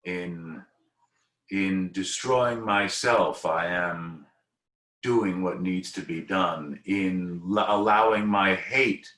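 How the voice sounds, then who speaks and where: Man, very deep voice, thoughtful rambling talk, echoey room, video call. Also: slow, fairly bright tone. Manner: thoughtful, rambling with restarts and asides. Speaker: actor guest. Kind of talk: reflective panel discussion.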